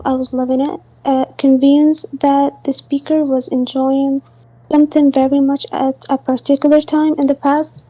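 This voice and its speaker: A woman's voice: high voice, warm tone, no room sound. A woman student on a video call, reading a grammar text aloud carefully and hesitantly, with fillers.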